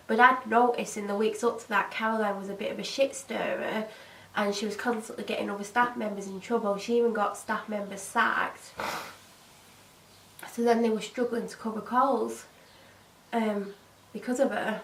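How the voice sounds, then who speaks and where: A woman's voice: on the high side, normal speed, roomy sound, recorded from a distance, rough recording. A woman casually telling a story about her old job, acting out what each person said. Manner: animated retelling, voicing other people's lines. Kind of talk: casual story-time monologue.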